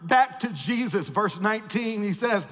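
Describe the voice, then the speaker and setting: Male pastor, sermon delivery, high-pitched, long church reverb. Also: animated, measured pace. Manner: builds to shouted, repeated refrains with rhythmic preaching cadence; drops to quiet, joking asides to the congregation. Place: large church sanctuary.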